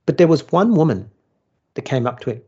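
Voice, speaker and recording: A man's voice: medium pitch, very animated, a little fast, warm tone, breathy edge, muffled recording. A man, a former churchgoer turned atheist, telling a story in casual podcast chat, blunt and swearing freely.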